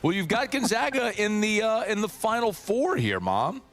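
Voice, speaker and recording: A man's voice: high voice, big pitch swings, moderate pace, a bit bright, soft background music. Teasing male sports radio host. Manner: teasing, quizzing, dry humor. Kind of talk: casual chat.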